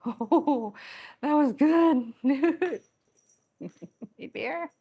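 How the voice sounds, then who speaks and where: A woman's voice: high-pitched, animated, extremely slow, warm tone. A woman at home filming her rescue cats on a tripod camera, teasing them playfully and laughing often as she talks to them. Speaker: cat rescue vlogger. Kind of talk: casual talk to cats during play. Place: indoor room with cats.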